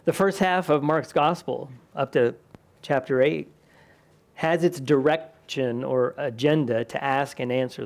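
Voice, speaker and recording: A man's voice: medium pitch, fairly even intonation, measured pace, creaky. A man, a pastor, preaching a conversational sermon in a church, lifting his voice when he quotes the people in the scripture. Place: church sanctuary.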